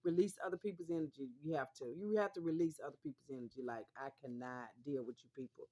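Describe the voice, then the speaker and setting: A woman's voice: deep voice, fast talker, mellow. A woman from the American South, talking straight to her viewers in an emphatic, repetitive monologue that keeps calling them honey. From Mississippi, US South. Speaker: vlogger.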